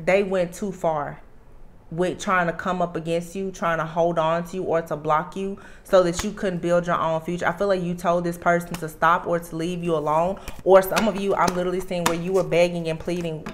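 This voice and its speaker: A woman's voice: on the low side, steady tone, normal speed, a little hiss or hum. A woman giving a tarot reading to her viewers, talking earnestly and with emphasis, often restarting her sentences. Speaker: tarot reader.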